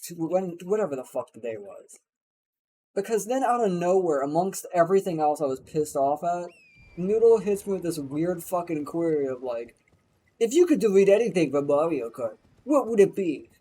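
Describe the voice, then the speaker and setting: A young man streams a game live and swears his way through it. His voice sits a little high with a husky edge, and he rants at his chat in a frustrated way. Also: animated, moderate pace, warm tone, low-quality recording. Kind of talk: live gaming commentary.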